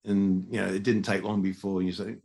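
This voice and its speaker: A man's voice: deep voice, level tone, fairly quick, gravelly, darkish tone, breathy edge. An older man, telling stories in a rambling, casual podcast chat. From Australia. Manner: rambling, storytelling, many restarts. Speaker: guest musician.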